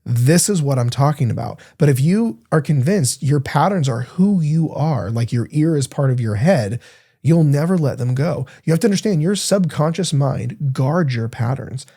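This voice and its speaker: A man's voice: on the high side, dark tone, breathy edge. A man hosting a podcast as a diet coach, giving a blunt, emphatic monologue and swearing freely.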